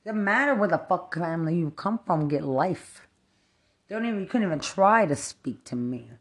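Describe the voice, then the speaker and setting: A woman's voice: fairly low pitch, lively intonation, moderate pace. A woman from Texas, delivering a profane, rambling rant, angry and cursing as she jumps from one thought to the next.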